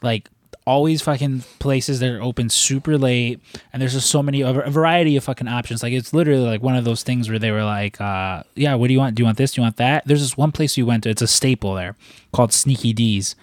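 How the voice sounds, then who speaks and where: A man with a Chicago accent tells stories in loose podcast chat, swearing often and restarting his sentences. His voice sits at a middling pitch. The close recording has no room sound. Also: fast talker, no room sound. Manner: rambling, swears a lot, many restarts.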